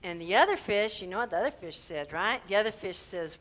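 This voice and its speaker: Woman minister, bright and clear voice, chatty sermon style, leads slow group affirmations. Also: mid-range voice, expressive. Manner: chatty, checks in with listeners with frequent "right?". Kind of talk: conversational sermon. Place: church service.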